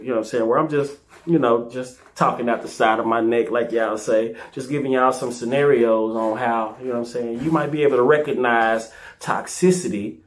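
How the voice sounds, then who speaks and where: A middle-aged man hosting his own video series, telling personal stories in a loose, animated way. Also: medium pitch. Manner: loose and animated, fillers like "you know what I'm saying". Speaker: host of a karaoke video series. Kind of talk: casual personal storytelling.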